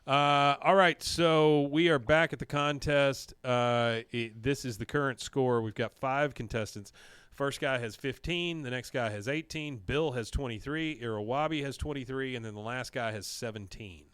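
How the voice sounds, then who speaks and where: Man retelling cartoon scenes in a dry, smooth voice. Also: mid-range voice, moderate pace, fairly bright tone, no room sound. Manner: retells scenes, briefly mimicking characters' lines. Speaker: podcast host recapping episodes. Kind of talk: casual recap.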